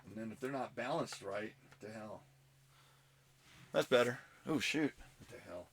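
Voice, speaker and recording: A man's voice: on the low side, normal speed, breathy edge. A man hosting a casual comic book collecting vlog at home, rambling and chatty with self-mocking asides. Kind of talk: casual show-and-tell vlog.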